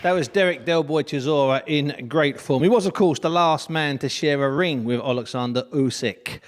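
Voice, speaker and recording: A man's voice: fairly high pitch, moderate pace. A man presenting a radio boxing show, interviewing his guest in a friendly, bantering way.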